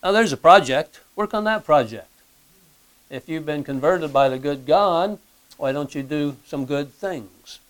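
Male pastor, fairly high voice, smooth and clear, conversational sermon, rhetorical questions, clears throat often. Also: animated, unhurried. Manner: plain conversational preaching, frequent throat-clearing and fillers; asks the listeners rhetorical questions.

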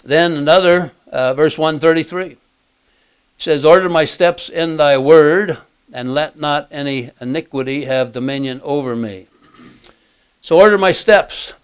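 A man teaching verse by verse from the Bible, halting with many fillers and clearing his throat often, reading scripture aloud in older English. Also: a little high, steady tone.

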